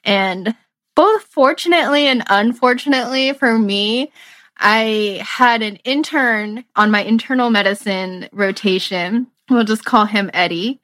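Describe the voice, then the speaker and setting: A woman's voice: on the high side, unhurried, fairly bright tone, no echo. Reflective young woman, dry close sound. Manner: earnest, reflective, laughs through emotional moments. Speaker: medical student. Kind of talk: casual conversational storytelling.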